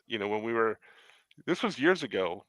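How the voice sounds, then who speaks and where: A man hosting a casual chat, telling an excited story and acting out the dialogue. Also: lowish voice, moderate pace, no echo. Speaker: host.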